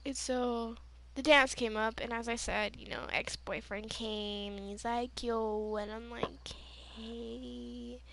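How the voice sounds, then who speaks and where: A woman vlogger telling a personal story in a casual, rambling way, full of "you know" and "like" fillers, sometimes bursting into yelling. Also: on the high side, measured pace, a little hiss or hum. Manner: excitable, bursts into yelling when retelling. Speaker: gaming vlogger.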